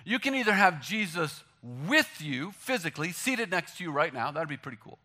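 A man preaching, his voice pitched high and bright. He jokes freely, pushes his punchlines out loudly, then drops to a near hush to land a point. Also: moderate pace. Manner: animated, joking, shifts from loud punchlines to hushed emphasis. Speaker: pastor. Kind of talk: sermon.

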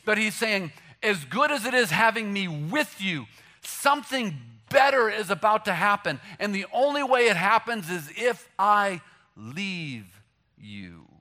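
A man preaching, his voice pitched high and bright. He jokes freely, pushes his punchlines out loudly, then drops to a near hush to land a point. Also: a little slow. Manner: animated, joking, shifts from loud punchlines to hushed emphasis. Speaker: pastor. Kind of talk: sermon.

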